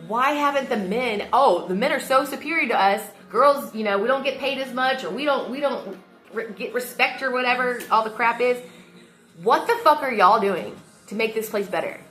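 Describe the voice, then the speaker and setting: Woman, casual vlog rant, heated and emotional, fairly high voice, faint background music. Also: moderate pace, bright, forceful tone. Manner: heated and emotional, frequent swearing. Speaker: vlogger.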